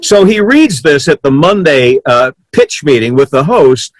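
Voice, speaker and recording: A middle-aged man on a podcast, joking at his own expense as he tells a comedy-writing story. His voice sits a little high for a man and is recorded dry and close. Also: very animated, measured pace, dry recording, rough recording. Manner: self-deprecating, joking. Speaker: podcast co-host. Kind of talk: casual chat.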